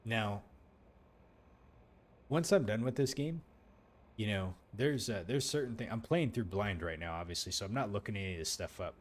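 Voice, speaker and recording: A man's voice: fairly low pitch, expressive, normal speed, pauses often, slight background noise. A man hosting a let's play, giving loose, rambling commentary full of fillers as he plays.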